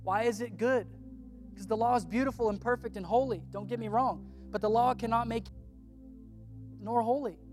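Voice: medium pitch, fairly even intonation, normal speed, darkish tone, soft background music. A pastor preaching a sermon in a casual, slangy way, acting out biblical figures as he retells scripture.

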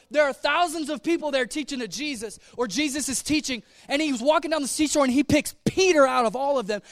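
A man preaching a sermon in a humorous, conversational way, dropping to soft, earnest tones. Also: very high voice, no room sound, clean studio sound. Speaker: pastor.

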